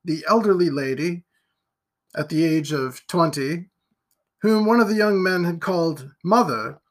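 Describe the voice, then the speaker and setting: A man reading a gothic novel aloud in steady, even storytelling narration. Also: on the high side, measured pace. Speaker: audiobook reader.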